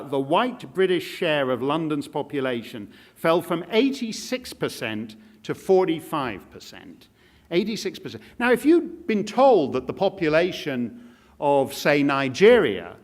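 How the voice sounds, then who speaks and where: Wry man with a lively, high voice. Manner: wry, sardonic, jokey asides. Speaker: speaker addressing an audience. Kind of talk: speech to a live audience.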